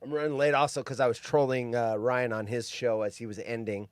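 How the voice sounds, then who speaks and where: A man's voice: mid-range voice, steady tone, a little fast, no room sound. A man in his fifties hosting a live stream, rambling, joking and reading chat aloud. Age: 50s.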